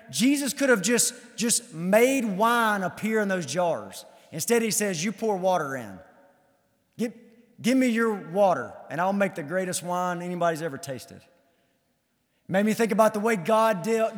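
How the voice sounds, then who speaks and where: High-voiced male pastor, emphatic sermon delivery, rhetorical questions, church hall reverb. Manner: emphatic, repeats key phrases, rhetorical questions.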